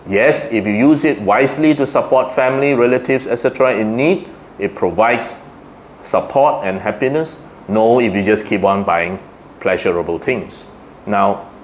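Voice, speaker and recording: A man's voice: mid-range voice, slight background noise. A man with a Malaysian English accent giving a Buddhist Dhamma talk to a congregation, putting questions to the audience and answering them himself. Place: Buddhist society hall.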